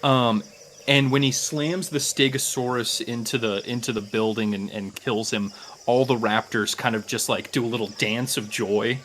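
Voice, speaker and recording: A man narrating a tabletop game as game master, casual and halting, with frequent fillers. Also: mid-range voice, fairly even intonation, fairly bright tone, slight background noise.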